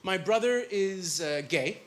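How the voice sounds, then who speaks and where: This stand-up comic works a club crowd with a high, expressive voice, rambling through filler words and quick asides while poking fun at himself. The room around him is very noisy.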